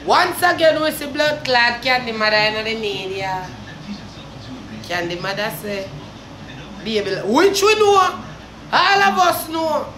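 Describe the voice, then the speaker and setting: A young Jamaican woman vlogs a heated, cursing rant in a high voice. She drops low and somber, then flares into shouting. The room around her is echoey, with a faint hiss behind. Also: lively intonation, a little slow, long pauses. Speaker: vlogger. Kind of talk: ranting commentary.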